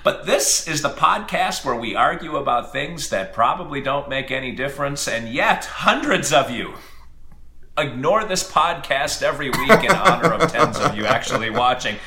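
A man's voice: medium pitch, animated, normal speed, bright, forceful tone, echoey room. A middle-aged man co-hosting a podcast, joking playfully and teasing himself as he chats. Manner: playful, jokey, self-mocking. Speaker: podcast co-host. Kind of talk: casual bantering podcast chat.

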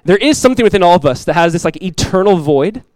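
A man in his thirties, a pastor giving a sermon in a relaxed, conversational way, telling stories with asides. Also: high-pitched, fast talker, no room sound, poor audio. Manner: conversational, animated storytelling with asides.

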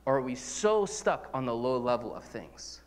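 Earnest priest preaching in a reverberant hall. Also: male voice, mid-range voice, big pitch swings, normal speed. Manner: earnest, conversational preaching with repetitions and acted-out examples. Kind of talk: sermon.

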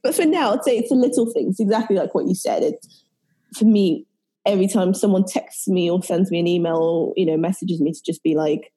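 Husky-voiced British woman chatting casually. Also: fairly low pitch, a little fast, dark tone. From United Kingdom. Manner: rambling, filler-heavy, self-correcting. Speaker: guest, baker. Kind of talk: casual podcast interview.

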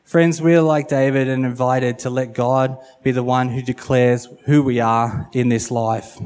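Mellow-voiced male preacher. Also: medium pitch, steady tone, a little slow, clear, resonant tone. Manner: acts out quotes, repeats phrases for emphasis. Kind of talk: sermon.

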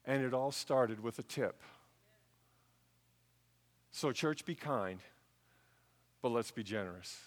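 A middle-aged man preaching a sermon, telling stories and swinging between hushed asides and loud emphasis. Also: medium pitch, expressive, takes it slowly, pauses often, long reverb tail. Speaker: pastor.

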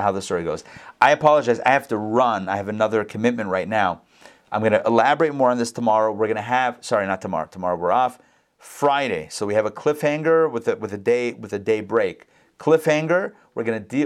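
This is a rabbi teaching Torah to a class, bringing the scripture to life by performing the characters' dialogue with dramatic pitch jumps. Each performance gives way to easygoing, chatty comments to the listeners.

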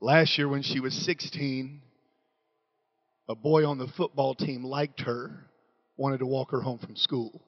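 A middle-aged man preaching a sermon in a church, moving between quiet confession and loud shouting. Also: mid-range voice, fairly even intonation, measured pace, lo-fi sound.

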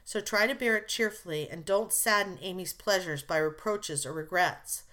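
A woman reading aloud as a gentle but firm mother who speaks kindly and calmly. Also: lowish voice, normal speed, natural voice. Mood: sorrowful. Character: gentle, calm mother of grown daughters.

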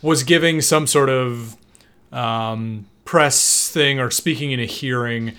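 A man's voice: slow, fairly bright tone, smooth. Rambling casual male podcast host. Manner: rambling, profane, mimics characters with raised pitch. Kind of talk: casual recap chat.

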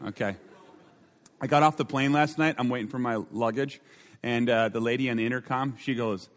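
A man's voice: fairly even intonation, a little fast. Brief: young male chapel speaker, bantering and comedic, long hall reverb. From Minnesota. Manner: joking, high-energy, audience banter. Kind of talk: comic sermon opener.

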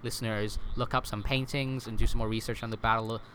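A man's voice: on the low side, little pitch movement, quick pace, fairly bright tone, a little hiss or hum. A man explaining history in a casual podcast chat, with lots of fillers, self-corrections and "right?" tag questions.

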